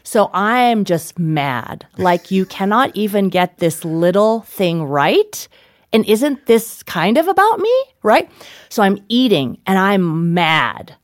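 A woman in her thirties, an author and guest, telling stories in a lively way and acting out quotes. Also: medium pitch, slow, no room sound, clean studio sound. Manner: animated, acts out quotes with laughs. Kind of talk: casual storytelling.

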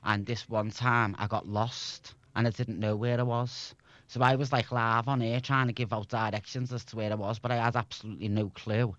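A man's voice: medium pitch, flat delivery, normal speed, fairly bright tone, dry recording, lo-fi sound. A young man from Liverpool with a Scouse accent, a former radio presenter chatting as an interview guest and laughing often. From Liverpool, England. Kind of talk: casual interview chat.

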